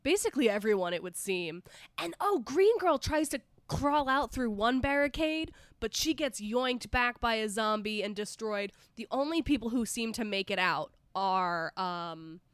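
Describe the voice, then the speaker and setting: Lively woman podcast co-host, high voice. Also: moderate pace, smooth, no room sound, studio quality. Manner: animated, swears freely, acts out movie characters in bursts. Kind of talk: casual chat.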